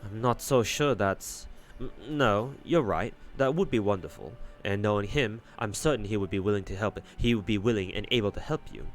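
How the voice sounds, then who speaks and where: Man doing a mournful, soft-spoken knight. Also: fairly low pitch, soft background music, lightly acted. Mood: subdued. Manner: slow, subdued, courteous. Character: melancholy gentle knight archer, soft-spoken.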